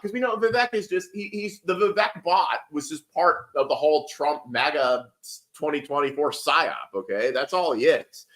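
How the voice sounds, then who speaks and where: A man's voice: on the high side, animated, moderate pace, hardly any pauses, fairly bright tone. A man giving rambling, heated political commentary on a casual livestream, swearing and restarting often.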